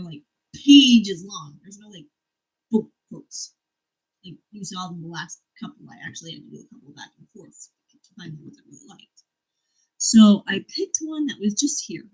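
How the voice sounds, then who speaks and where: A woman's voice: mid-range voice, animated, moderate pace, darkish tone, slightly rough, low-quality recording. A woman vlogger chatting casually about a book series, enthusiastic, cursing freely and laughing often. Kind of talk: casual chat about books.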